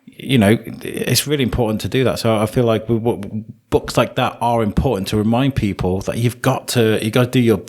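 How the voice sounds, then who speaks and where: A man's voice: on the low side, a little fast, few pauses, darkish tone. A man from England hosting a podcast, chatting in a hesitant, conversational way with many fillers. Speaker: podcast host. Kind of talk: casual chat.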